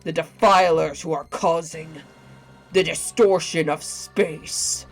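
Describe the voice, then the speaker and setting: A woman's voice: low voice, fairly even intonation, takes it slowly, soft background music, pitched below the performer's own voice, full character voice. A woman voicing an arrogant legendary male space dragon who speaks in grandiose threats. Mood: menacing.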